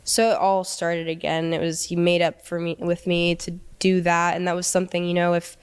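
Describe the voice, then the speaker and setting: Young female guest, lowish smooth voice, halting delivery full of fillers. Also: little pitch movement. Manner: hesitant, halting, many fillers. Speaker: interview guest. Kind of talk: personal storytelling.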